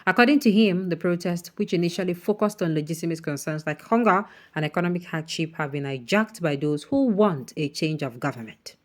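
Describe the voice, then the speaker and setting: A Nigerian-accented woman with a slightly low voice presents news and then turns to heated commentary. She speaks indignantly, throws in Pidgin phrases, and exclaims rhetorical questions. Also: lively intonation, fairly quick, hardly any pauses.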